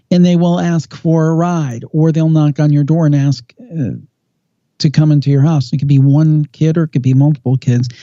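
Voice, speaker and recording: A man with a very dark, mellow voice spins a creepy story, slowing down and leaning on the tense moments. The sound is dry and a little dull, like a lo-fi podcast recording. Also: on the high side, dry recording. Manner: measured storyteller with slow dramatic pauses. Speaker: paranormal podcast guest host.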